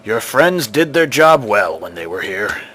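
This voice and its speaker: A man's voice: on the low side, very animated, a bit bright, a little hiss or hum. A man playing a solemn temple priest. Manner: measured, cryptic, slow-spoken.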